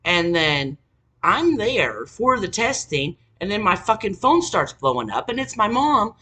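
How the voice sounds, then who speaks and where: A woman's voice: on the low side, sing-song, a little slow, sharp tone, a little hiss or hum. A woman telling a family story to camera in an exasperated, sarcastic rant full of curse words. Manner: exasperated, heavily cursing, sarcastic.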